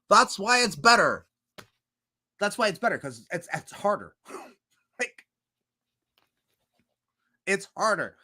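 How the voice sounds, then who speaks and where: A man's voice: high voice, lively intonation, a little slow, long pauses, bright, forceful tone. A man rambling through a livestream monologue, swearing a lot and firing off rhetorical questions. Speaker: streamer.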